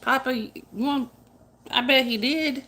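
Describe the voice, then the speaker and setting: Bright-voiced woman chatting on a livestream. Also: high voice, steady tone, a little slow. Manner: chatty, comforting, laughs often, talks to chat by name. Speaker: livestream host. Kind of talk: casual livestream chat reading viewer comments.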